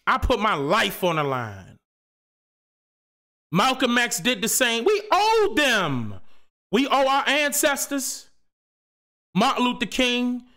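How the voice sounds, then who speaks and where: A man's voice: very high voice, lively intonation, slow, pauses often, bright, forceful tone. A man hosting his own live stream, speaking in a passionate, preachy rant full of rhetorical questions and casual slang. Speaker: channel host.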